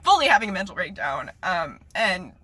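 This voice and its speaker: A young woman in her twenties rants to her viewers, swearing freely as she fights back tears. Her voice is bright and a little husky, angry and choked at once. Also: fairly low pitch, very animated, normal speed, no echo. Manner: tearful, angry and profane. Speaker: vlogger. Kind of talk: emotional vlog rant.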